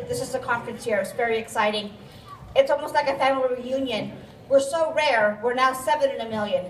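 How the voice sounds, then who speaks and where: A woman with grandchildren giving a candid, chatty talk at an event, often out of breath and gently joking. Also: high-pitched, far from the mic, slight background noise. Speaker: patient speaker. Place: event venue. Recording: echoey hall, mic from afar.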